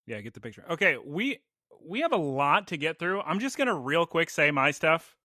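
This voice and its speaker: A man co-hosting a podcast, chatting casually with quick jokes and asides. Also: on the high side, no echo, clean studio sound. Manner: animated, jokey, quick asides. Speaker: podcast co-host. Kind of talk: casual chat.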